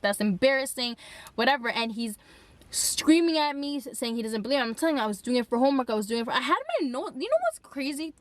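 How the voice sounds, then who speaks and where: A young woman recounts a story to her camera in an animated, dramatic storytime manner. Her voice sits a little high, and she peppers her talk with "like" as she goes. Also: dry recording. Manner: animated, dramatic retelling with frequent "like". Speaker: vlogger. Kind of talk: storytime vlog.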